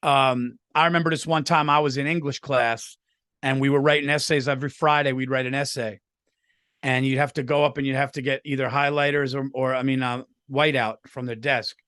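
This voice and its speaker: A man's voice: mid-range voice, steady tone, fairly quick, a bit bright, dry recording, clean studio sound. A middle-aged man co-hosting a podcast, telling stories in casual chat, swearing freely and laughing as he talks. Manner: swearing storyteller, laughs through his stories. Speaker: podcast co-host.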